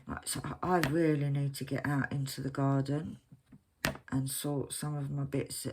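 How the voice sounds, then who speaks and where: A woman's voice: extremely low pitch, level tone, normal speed, background noise. A woman chatting casually while she crafts at home, rambling and poking fun at herself. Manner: rambling, chatty, self-mocking. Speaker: crafting vlogger. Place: at home, at her craft desk.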